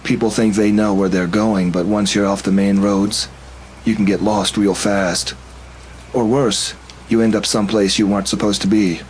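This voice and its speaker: A gruff, evasive older gas station attendant, as a man puts him on in a horror story, drawling his words in a folksy way. The voice sits fairly low, with a faint background hum. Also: level tone, normal speed, darkish tone, natural voice. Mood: ominous.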